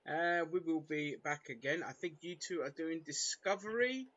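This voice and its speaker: A man's voice: a little high, animated, moderate pace, fairly bright tone, dull audio. A man hosting a casual fan film reaction chat, wrapping up with upbeat, chatty verdicts. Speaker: reaction show host.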